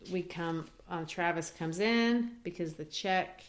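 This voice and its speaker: A woman teaching literature in a lively way, discussing a play and acting out its quoted lines. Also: fairly low pitch, slow pace. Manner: animated, acts out quoted lines.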